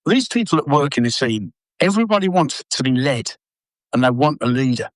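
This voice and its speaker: A man's voice: mid-range voice, fairly quick, no room sound, low-quality recording. Blunt, sweary older man. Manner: blunt, sweary, animated anecdotes. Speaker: former footballer and manager, guest. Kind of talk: casual storytelling interview.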